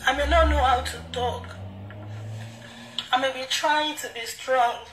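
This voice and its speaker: A young woman with a Yoruba accent speaking to camera in an emotional monologue, pleading, apologetic and halting. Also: sits high, steady tone, a bit bright, reverberant, far from the mic, a little hiss or hum, rough recording. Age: young adult. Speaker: video creator.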